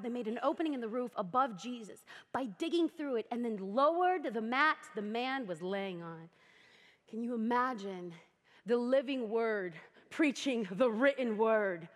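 A young adult woman preaching a sermon, telling the story with animated energy and acting out voices. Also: high-pitched, long reverb tail.

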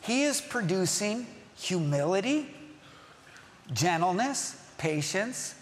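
A man's voice: high-pitched, very animated, slow, long reverb tail. A man preaching as pastor, emphatic, repeating key phrases and putting questions to the congregation. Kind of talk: sermon.

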